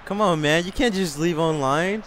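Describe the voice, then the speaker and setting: A man commenting on a video game he is playing. He talks in an excitable way, yells a lot and swears often. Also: fairly high pitch, moderate pace. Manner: excitable, yelling and cursing a lot. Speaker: gaming channel host.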